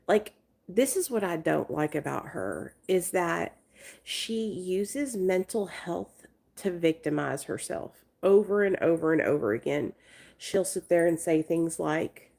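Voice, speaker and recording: A woman in her forties hosts a loose, casual live stream and talks straight to her viewers. She is blunt and profane, and she often stops to coax her dogs in a high, sing-song voice. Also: expressive, slow, vocal fry, a little mellow. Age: 40s. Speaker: livestream host.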